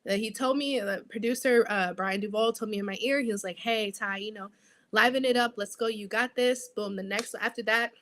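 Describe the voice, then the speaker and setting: A young adult woman, a sideline reporter, telling her story as an interview guest in an animated, lively way. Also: mid-range voice, fairly quick.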